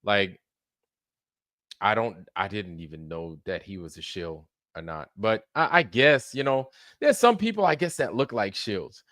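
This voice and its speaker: Male stream host, crisp bright voice, dry booth sound, rambling and salty. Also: lowish voice, animated, a little slow, dry recording. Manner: profane, rambling, laughs often. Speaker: livestream show host. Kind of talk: casual chat.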